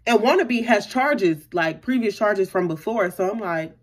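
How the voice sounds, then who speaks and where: A woman's voice: mid-range voice, expressive, unhurried. A young adult woman vlogger telling a personal story in a casual, chatty way, full of fillers, acting out what people said. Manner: chatty, lots of fillers, acts out quotes.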